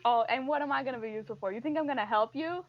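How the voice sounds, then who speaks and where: A woman's voice: high voice, very fast, no room sound. A woman playing a tabletop game in character, tossing out playful, teasing comebacks. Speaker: player. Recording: dull lo-fi.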